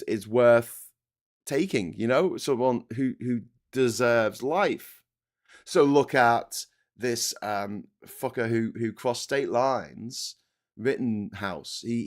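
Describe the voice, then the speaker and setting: A man hosting a political commentary monologue, ranting with passion and repeating himself. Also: mid-range voice. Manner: impassioned, repetitive, ranting. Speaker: host.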